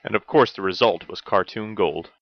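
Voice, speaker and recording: A man's voice: fairly low pitch, moderate pace, gravelly, muffled recording. A man narrating a scripted retro cartoon review as host, with dry joking asides.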